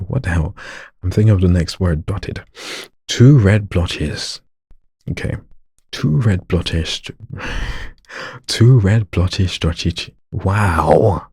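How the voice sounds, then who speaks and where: Deep husky male story narrator. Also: darkish tone, dry recording, clean studio sound. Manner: stumbles and retakes lines, joking with himself. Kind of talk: reading a story aloud.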